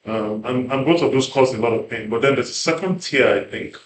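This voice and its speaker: Man, mid-pitched, thoughtful panel talk full of fillers, roomy room tone. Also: a little fast, slight background noise. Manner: thoughtful, hedging, many fillers and restarts. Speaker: panel guest. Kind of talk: conversational panel discussion. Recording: roomy with faint background ambience.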